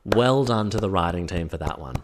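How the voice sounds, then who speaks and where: A man's voice: sits low, lively intonation, brisk, background noise. A man giving a comedic, sarcastic recap of a TV episode, full of wry asides. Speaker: recap vlogger.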